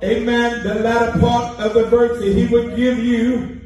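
A man's voice: very high-pitched, little pitch movement, a little slow, darkish tone. A man preaching a sermon to a congregation, joking and sliding into a chanted, sing-song cadence. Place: church sanctuary. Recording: echoey church hall from far off with music.

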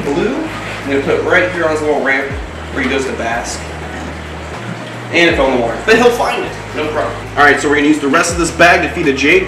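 Excited, chatty man with his pets. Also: a little high, reverberant, noisy background. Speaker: host of an animal channel. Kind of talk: casual animal-keeping vlog.

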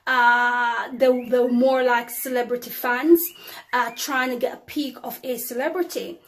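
A woman tells of a vision as a preacher, talking straight to her viewers. Her storytelling swings between emphatic, louder phrases and quiet asides. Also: fairly high pitch, fairly even intonation, normal speed. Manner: addresses viewers as brothers and sisters, ladies and gentlemen; storytelling with emphatic rises and drops in loudness. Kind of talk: testimony to viewers.

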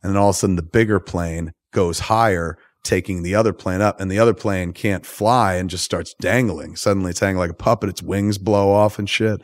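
A man's voice: low voice, steady tone, fairly quick, few pauses, no echo, clean studio sound. A man hosting a podcast, recapping a film in a profane, rambling and enthusiastic way. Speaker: podcast host. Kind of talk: casual movie recap.

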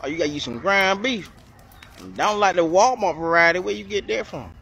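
A man's voice: high-pitched, fairly quick, vocal fry, heavy background noise. A man giving comedic reaction commentary on a cooking clip, sassy and incredulous, heavy on slang.

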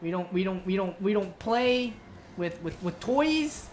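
A woman commenting on her own gameplay, scolding the monster like an unruly child, swearing and yelling when things go wrong. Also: mid-range voice, expressive, unhurried, soft background music. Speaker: gamer.

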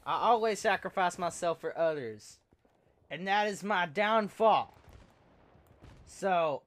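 A man giving live commentary over his video game, excitable and joking, swearing and yelping as things happen. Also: on the high side, slow pace, pauses often. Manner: joking, self-mocking asides. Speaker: gameplay commentator.

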